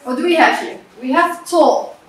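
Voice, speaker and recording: A woman teaching a grammar lesson in English, slow and patient, repeating words and checking with her students. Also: high-pitched. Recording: echoey room from a distance.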